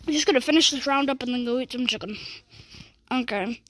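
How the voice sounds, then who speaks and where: A woman commentating casually on her own gameplay, excitable, reading game text aloud between squeals and laughs. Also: high-pitched, normal speed, long pauses, noisy background. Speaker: gamer commentating her play.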